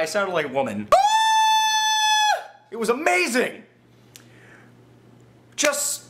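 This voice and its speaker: Male vlogger, comic storyteller; slightly high voice, very lively and exaggerated delivery. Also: slight background noise. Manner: animated and exaggerated, swings from low mumbles to excited high bursts.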